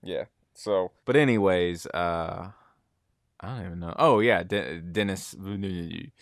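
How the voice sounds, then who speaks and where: A man's voice: sits low, unhurried, no room sound, clean studio sound. A man co-hosting a podcast, chatting casually and rambling from one tangent to the next. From United States. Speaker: podcast co-host. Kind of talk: casual chat.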